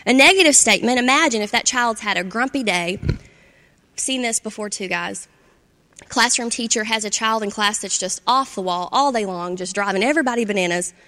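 A woman's voice: mid-range voice, fairly quick, bright, forceful tone, in a large hall. A woman giving an instructional talk on parenting, conversational and often checking in with "right?" and "okay?".

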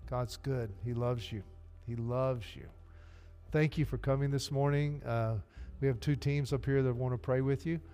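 A male pastor with a Southern US drawl preaches earnestly and speaks straight to his congregation. His voice sits at an ordinary middle pitch and rings out through a church with a long reverb tail. Soft music plays faintly beneath him. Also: steady tone, normal speed. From Arkansas. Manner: earnest, direct, addresses the congregation. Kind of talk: sermon. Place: church sanctuary.

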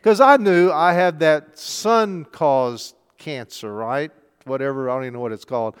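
A man's voice: on the high side, normal speed, clean tone. An older man, a pastor, preaching a chatty sermon full of rhetorical questions. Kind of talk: conversational sermon. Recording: long hall reverb.

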